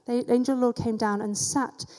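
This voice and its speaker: A woman teaches scripture in a relaxed, conversational sermon and drops casual asides along the way. Her voice is warm and mellow. The sound rings out with a long reverb, as in a large hall. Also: fairly high pitch, a little fast. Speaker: church teacher.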